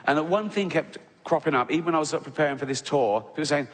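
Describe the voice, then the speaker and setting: A man's voice: a little high, expressive, quick pace, hardly any pauses. Man doing stand-up in a hall. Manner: storytelling with frequent "right?" tags and laughs. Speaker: stand-up comedian. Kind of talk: stand-up comedy set. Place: large theatre on stage. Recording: live hall reverb with audience noise.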